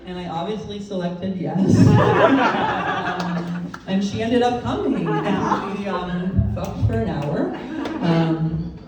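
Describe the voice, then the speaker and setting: A woman's voice: lowish voice, takes it slowly. A woman performing a stand-up comedy set, playful and laughing between punchlines. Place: live comedy venue. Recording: echoey room, distant mic, loud noise.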